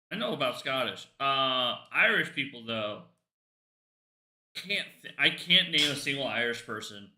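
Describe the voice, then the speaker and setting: Male streamer, loose jokey game chatter, very bright tone, roomy echo. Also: medium pitch. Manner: rambling, jokey, talks to himself. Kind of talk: casual livestream chat while gaming.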